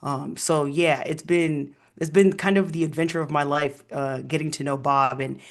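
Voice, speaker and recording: Brief: male historian guest, somewhat high-pitched, animated storyteller, relaxed interview. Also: moderate pace, gravelly. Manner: animated storyteller with frequent ums and laughs. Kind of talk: casual interview conversation.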